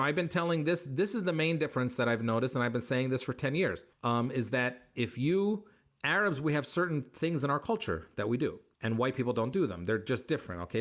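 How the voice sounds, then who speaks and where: A comedian man answering interview questions with animated, joking stories, acting out bits of dialogue. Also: mid-range voice. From United States. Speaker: comedian guest.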